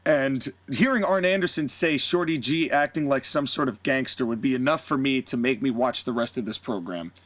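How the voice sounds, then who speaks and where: A man hosting a podcast, telling a made-up story in an animated, rambling way. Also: medium pitch, moderate pace, hardly any pauses, dry recording. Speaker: podcast host. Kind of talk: fantasy-booking storytelling chat.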